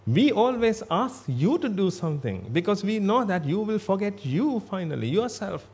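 A man's voice: sits high, big pitch swings, moderate pace, darkish tone, husky. A man giving a Buddhist sermon in a blunt, emphatic way, repeating himself for stress. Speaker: Buddhist monk.

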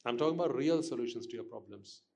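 A man's voice: medium pitch, animated, quick pace, creaky, darkish tone. A man giving a Buddhist dharma talk to listeners, questioning them and repeating his points for emphasis. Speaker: Buddhist teacher.

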